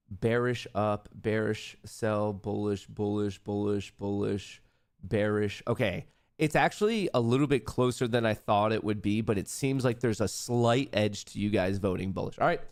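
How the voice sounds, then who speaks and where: A man with a gravelly edge to his voice runs a live trading stream from a desk mic. He talks casually to his chat and breaks into loud, hyped yelling when his trades pay off. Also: on the low side. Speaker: livestream trading host.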